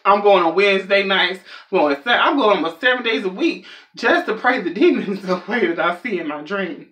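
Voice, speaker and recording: Young man, comedic monologue, rambling, very lively pitch, high voice. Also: fast talker. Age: young adult. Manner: animated, rambling, self-mocking. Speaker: comedian vlogger.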